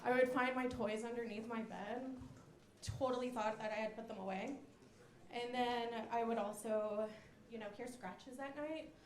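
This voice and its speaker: A young woman performs a stand-up set on a comedy club stage, telling self-deprecating stories packed with fillers. Her voice is fairly high and steady at a moderate pace, and the roomy club sound includes audience laughter and slight background noise.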